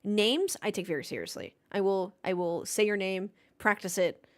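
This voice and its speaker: A woman's voice: mid-range voice, animated, moderate pace. A woman streaming a race watchalong, talking casually into a desk mic. She jokes around and answers her live chat in a playful, chatty way.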